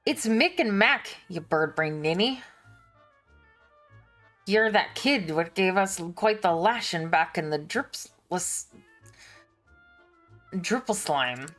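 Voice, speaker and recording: A woman voicing a crude, blustering pirate sailor man who talks in a rough pirate dialect and hurls insults. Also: lowish voice, wildly swooping pitch, slow pace, hardly any pauses, pushed and bright, soft background music, heavily acted.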